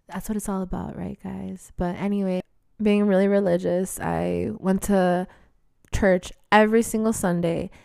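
A woman's voice: fairly low pitch, gravelly, warm tone, no room sound, studio quality. A woman in her twenties telling candid stories in a casual monologue. She swears freely and laughs often. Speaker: vlogger.

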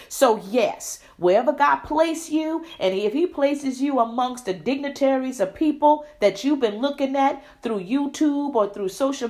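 A woman hosting an inspirational Christian podcast, exuberant and preacherly, calling listeners "beloved" and "Shugs". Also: high voice. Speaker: podcast host.

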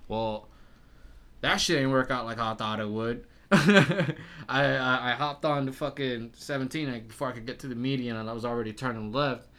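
A twenty-year-old man, a podcast guest, telling a story in casual chat, swearing freely, animated and laughing often. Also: medium pitch, normal speed.

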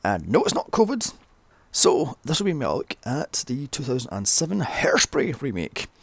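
A man's voice: medium pitch, huge pitch swings, normal speed, vocal fry, husky, no room sound. A man giving a blunt, sweary, ranting film review. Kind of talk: casual solo review.

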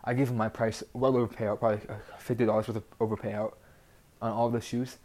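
Flat-voiced teenage boy ranting. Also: lowish voice, fast talker. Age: teens. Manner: rambling, heavy use of "like", frustrated and blunt. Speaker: podcast host. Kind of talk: casual solo podcast rant.

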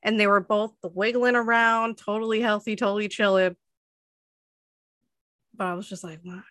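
A woman's voice: medium pitch, fairly even intonation, moderate pace, fairly bright tone, no echo, clean studio sound. A woman in her twenties telling a story in casual chat, full of fillers and laughing often.

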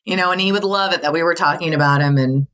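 A woman's voice: fairly low pitch, fast, a bit bright. A middle-aged woman, a podcast guest, telling her family story in candid conversation and often laughing. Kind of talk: casual interview conversation.

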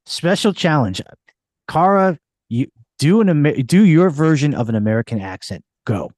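A man hosting a casual interview in a studio, playful and halting with restarts. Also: a little high, animated, a little mellow, no echo. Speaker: podcast host. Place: recording studio.

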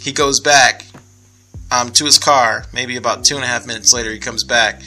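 A man's voice: medium pitch, normal speed, faint music behind. A young man in casual podcast conversation, telling a story with laughs and acted-out voices. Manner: animated storyteller, laughs often, acts out voices.

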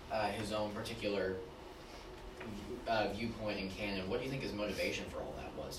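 A man in a class asking the teacher a question, hesitant and halting with many fillers. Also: low voice. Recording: echoey room, distant from mic, noisy.

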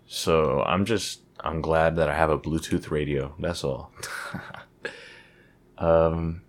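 A young man with a low voice chats on his own podcast in a loose, rambling way. He swears freely and pokes fun at himself as he goes. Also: steady tone, slow pace. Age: young adult. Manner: rambling, profane, self-deprecating. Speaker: podcast host. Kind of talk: casual solo podcast chat.

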